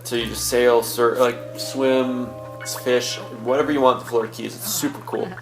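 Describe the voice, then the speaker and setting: A man's voice: mid-range voice, flat delivery, moderate pace, creaky, soft background music, rough recording. A young man hosting a let's-play, chatting casually and rambling through a story with many fillers. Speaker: gaming channel host.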